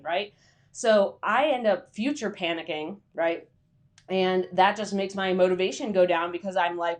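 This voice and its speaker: A woman's voice: mid-range voice, normal speed. Chatty woman hosting a live stream. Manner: chatty, with many fillers and quoted inner voices; greets viewers by name. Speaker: freelance writing coach hosting a live stream. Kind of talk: casual live-stream talk.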